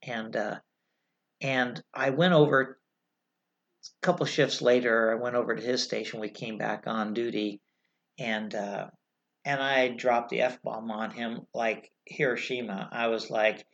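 A middle-aged woman from California recounts her years as a fire officer in a frank, animated way, swearing when she makes a point. The recording is slightly dull and lo-fi. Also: rumbling low, measured pace. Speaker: retired fire officer telling a story. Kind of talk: candid storytelling interview.

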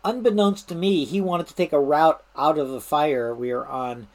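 A woman's voice: sits low, moderate pace. Amused middle-aged woman telling a prank story. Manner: lively and amused, laughs while telling, many restarts. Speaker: retired fire service manager telling stories. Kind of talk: casual anecdotal storytelling.

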